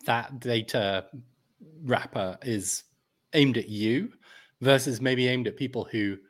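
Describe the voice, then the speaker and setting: A man's voice: mid-range voice, slow. A man chatting on a podcast, thoughtful, with dry teasing remarks. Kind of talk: casual chat.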